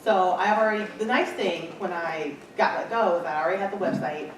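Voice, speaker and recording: A woman's voice: fairly low pitch, a little fast. A woman speaker telling her business story to an audience, acting out quoted dialogue as she goes. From Michigan, USA. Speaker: entrepreneur speaker. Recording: echoey hall, far from mic, faint noise.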